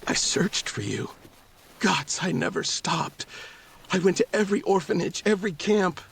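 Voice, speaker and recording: A man voicing a grieving, tender father who talks in a breathy, cracking whisper. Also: sits high, expressive, normal speed, a bit bright, pitched above the performer's own voice, heavily acted. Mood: pleading.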